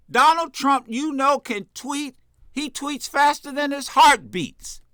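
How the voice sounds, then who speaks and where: Fiery high-voiced talk radio man. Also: takes it slowly, no room sound, clean studio sound. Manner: preachy, repeats phrases, builds to shouting. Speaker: radio talk show host. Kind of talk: impassioned political commentary.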